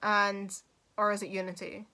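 Young woman, gaming video host, casual talk, animated, swears freely, laughs a lot, mid-range voice. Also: mid-range voice, moderate pace.

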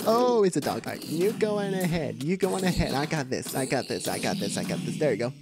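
A man giving excitable, live gameplay commentary, often repeating short calls. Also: a little high, brisk. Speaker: gamer. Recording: noisy home recording.

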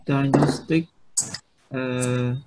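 A man, a student, quick and willing to try words out loud. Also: mid-range voice, fairly even intonation, background noise.

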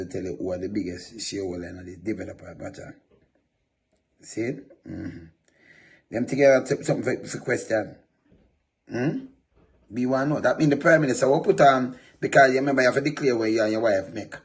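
A man's voice: fairly low pitch, fairly quick. A man giving casual, rambling commentary as he reads over a news article.

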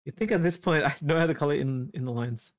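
An artist with an Australian accent chatting casually with a livestream chat while drawing, with bursts of excitement when reading chat and quiet muttering while working. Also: mid-range voice, fast. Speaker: artist streaming a drawing session.

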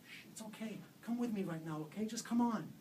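A man voicing a worried mother who comforts her child with soft urgency, heard from a distant microphone at a live reading. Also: high-pitched, a little fast, a little hiss or hum, pitched above the performer's own voice, close to an everyday voice. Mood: soothing. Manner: soothing yet urgent. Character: worried, tender mother, adult woman.

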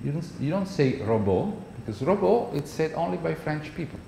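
Italian-accented professor in an echoey hall. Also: male voice, on the high side, a little fast, creaky, warm tone. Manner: conversational, checks in with "okay?" often. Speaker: university professor. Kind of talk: classroom lecture. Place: university lecture hall. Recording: echoey lecture hall, faint noise.

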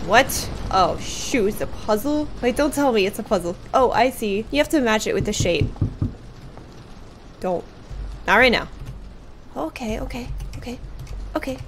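A woman's voice: fairly high pitch, a little hiss or hum. A woman giving jumpy, exclamatory commentary while playing a horror game, gasping and reacting aloud. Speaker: gaming YouTuber. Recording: faint game music behind.

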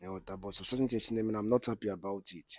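A man hosting a channel, calmly introducing a clip with some hesitation. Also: fairly low pitch, racing, dry recording, clean studio sound. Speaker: channel host.

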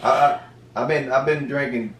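A man's voice: mid-range voice, fairly even intonation, moderate pace, fairly bright tone, a little hiss or hum. A man chatting casually to camera in a joking, playfully indignant way. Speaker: homestead vlogger. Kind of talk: casual family chat to camera. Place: home room. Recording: echoey room, mic at a distance.

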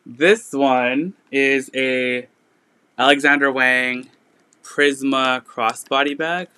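Bright, crisp-voiced man selling live. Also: medium pitch, steady tone, slow. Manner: chatty, lots of "like" and "um" fillers. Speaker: online resale seller. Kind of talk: live sale stream, casual chat.

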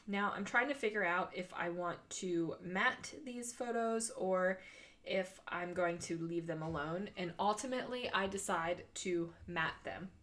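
A woman's voice: on the low side, fairly bright tone. Congested, chatty woman narrating a voice-over. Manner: chatty, rambling, with frequent ums and small laughs. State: congested, breathing through the mouth. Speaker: scrapbooking video host.

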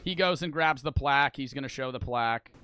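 A man's voice: mid-range voice, fairly quick, sharp tone, clear, resonant tone. A young man giving rambling, argumentative reaction commentary, swearing often and restarting his sentences. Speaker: online reaction streamer.

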